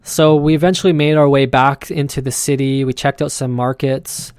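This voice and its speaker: A male podcast host tells a travel story casually, with plenty of animation. His voice is mid-pitched, and the recording is close and dry. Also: moderate pace, smooth, no room sound. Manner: animated, acts out his own thoughts.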